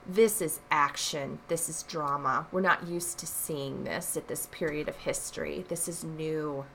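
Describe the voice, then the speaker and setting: Slow, emphatic woman teaching art. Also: deep voice, steady tone, vocal fry, fairly bright tone, a little hiss or hum. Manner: explanatory, leans on emphatic repeated phrases. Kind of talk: recorded test review lesson.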